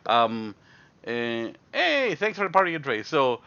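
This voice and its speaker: A young man from Canada telling a high school story casually, with lots of fillers and restarts. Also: takes it slowly, creaky. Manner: rambling, animated, heavy fillers. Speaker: streamer. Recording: dull lo-fi stream mic.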